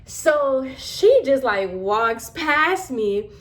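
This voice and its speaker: A woman in her twenties telling a casual story to camera, animated and emphatic as she acts out scenes. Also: high-pitched, drawn-out words.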